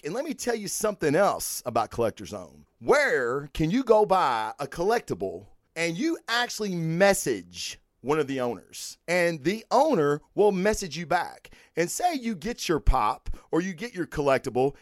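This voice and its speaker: A man's voice: on the high side, dry recording, studio quality. A man hosting a podcast, talking casually and profanely through sponsor plugs and giveaway news in emphatic bursts. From United States. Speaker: podcast host.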